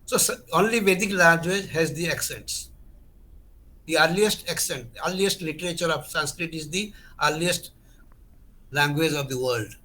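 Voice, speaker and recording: A male teacher lectures earnestly and with emphasis. His voice is bright and slightly high, and he restarts phrases and repeats key terms as he works through each point. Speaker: Sanskrit grammar teacher. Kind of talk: online lecture.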